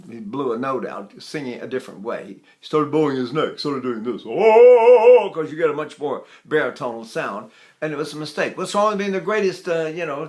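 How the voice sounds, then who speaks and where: A man's voice: mid-range voice, a bit bright. An older man giving a singing lesson, explaining technique in a folksy, demonstrative way and breaking into sung vowels to show his points. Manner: folksy, demonstrative, sings sample vowels and laughs between points. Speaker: voice teacher.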